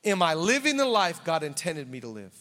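A man's voice: a little high, very animated, brisk, bright, forceful tone. A man preaching a sermon as pastor in a church, conversational and fervent by turns. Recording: reverberant hall.

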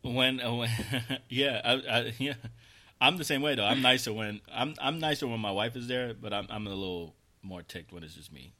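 A man in his thirties co-hosting a casual chat show, telling an animated story and swearing freely. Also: mid-range voice, moderate pace. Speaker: podcast co-host.

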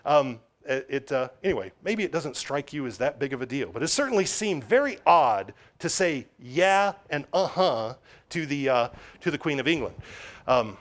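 A man preaching a sermon in a conversational, animated way, often correcting himself mid-sentence. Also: a little high.

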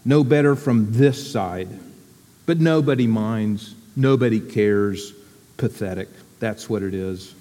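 A man voicing a gloomy old gray male donkey from a storybook, in a slow, mournful way. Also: fairly low pitch, mellow, big-room sound, voice pushed down. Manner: slow, mournful, sighing delivery.

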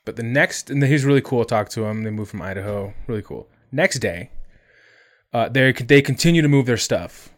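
A man telling an animated, sweary anecdote in casual podcast chat. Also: medium pitch, normal speed. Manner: animated, swearing, laughing, mimics others in quotes. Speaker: podcast host.

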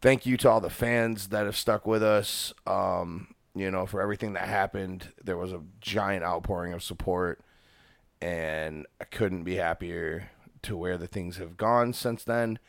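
A fairly low-pitched man from the United States hosts a casual podcast, chatting loosely and swearing freely. His voice sits close and dry, with no room sound around it. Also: fairly even intonation, measured pace, creaky, no echo. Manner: loose, profane banter. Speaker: podcast host.

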